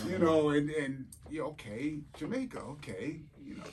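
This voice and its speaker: A middle-aged man, a guest in a casual interview who tells stories in a lively way and acts out the voices in them. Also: on the high side, normal speed, a crowd in the background. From New York City. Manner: animated, acts out quotes and voices in his stories.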